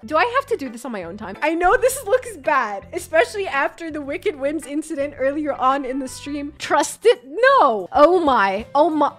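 A young woman streamer talks over a game in casual, profane commentary, swinging from loud outbursts to muttered asides. Her voice sits high and swoops all over. Faint music plays behind her. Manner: swearing, joking, jumps between loud and mumbled. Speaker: gaming streamer.

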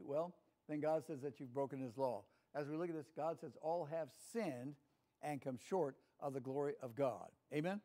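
A man's voice: on the high side, mellow. An older man with a Southern American accent teaching a folksy Bible lesson in a church class, chatty and often asking the room for an amen. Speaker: Sunday school teacher.

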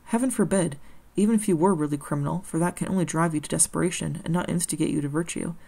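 A woman voicing a kindly, blind old man in exile who speaks in a calm, consoling, formal way. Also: low voice, fast, creaky.

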